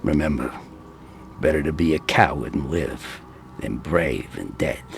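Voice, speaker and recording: Cynical game barkeeper: deep, gravelly, slow and mocking. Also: male voice, slight background noise, heavily acted. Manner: blunt, mocking and world-weary. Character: gruff, cynical barkeeper of a seedy pub. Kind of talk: video game voice acting.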